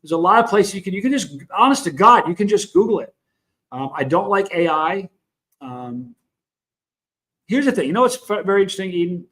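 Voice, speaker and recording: A man's voice: sits high, expressive, a little fast, fairly bright tone. Rambling Southern-accented man on a livestream. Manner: rambling, frank, greets viewers in chat. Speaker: livestream host. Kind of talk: casual livestream chat.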